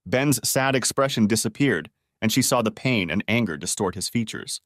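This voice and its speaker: A man narrating a dramatic story audiobook in a steady, low storytelling manner. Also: moderate pace, no echo, studio quality.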